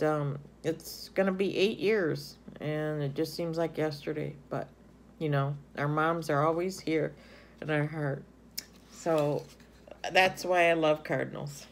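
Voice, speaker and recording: A woman's voice: low-pitched, a little hiss or hum. A middle-aged woman chatting casually in a haul video, gushing over items with lots of ums. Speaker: haul vlogger. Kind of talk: casual show-and-tell chat.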